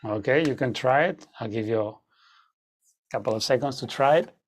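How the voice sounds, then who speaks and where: A man's voice: mid-range voice, normal speed. A man teaching an online guitar masterclass, explaining rhythms with frequent fillers and "okay?" check-ins.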